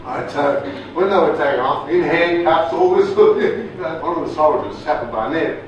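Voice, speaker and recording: A man's voice: a little high, moderate pace, lo-fi sound. Older Australian man lecturing in an echoey room. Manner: casual, chatty, restarts phrases, checks in with "right?". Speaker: resilience trainer, speaker. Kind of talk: storytelling lecture to a group. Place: training room. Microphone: far room mic. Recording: echoey room from far off, background noise.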